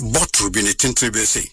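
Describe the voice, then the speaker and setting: A man, recounting a personal story as an interview guest in an animated way and slipping into English phrases. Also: fairly low pitch, vocal fry, slightly rough, dry recording, far from the mic. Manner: animated, mixes in English phrases, acts out what others said.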